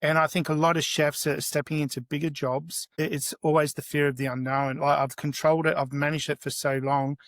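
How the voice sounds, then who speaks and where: A middle-aged man, a chef as podcast guest, telling animated anecdotes with many restarts. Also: a little high, brisk, hardly any pauses, no echo. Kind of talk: podcast interview, storytelling.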